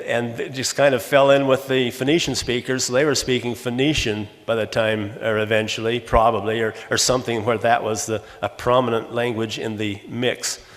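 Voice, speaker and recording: An older man from Los Angeles delivers an academic lecture at an ordinary middle pitch. He walks through examples and often stops to correct himself. His voice carries the long reverb of a conference hall. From Los Angeles, USA. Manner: explanatory, works through examples, frequent self-corrections.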